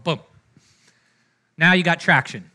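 A bright, piercing tone rides on this man's fairly high voice. He preaches a conversational sermon, tossing quick "right?" asides to the congregation. He moves between loud, animated lines and soft, hushed ones. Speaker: pastor.

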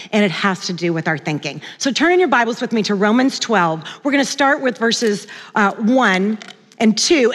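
A woman preaching a sermon, telling stories in a lively way, with laughs. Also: medium pitch. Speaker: women's Bible study director and guest preacher. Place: church sanctuary. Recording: long church hall reverb.

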